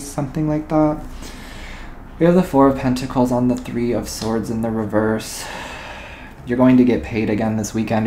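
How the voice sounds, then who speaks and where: A man's voice: fairly low pitch, a little mellow, a little hiss or hum. Man giving a rambling tarot reading. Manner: rambling, intuitive, repeats "okay?" and "all right?". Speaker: tarot reader.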